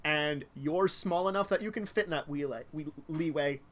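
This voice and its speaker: A man's voice: on the high side, normal speed, fairly bright tone. Rambling male game master. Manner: rambling, lots of fillers and self-corrections. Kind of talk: narrating a tabletop game.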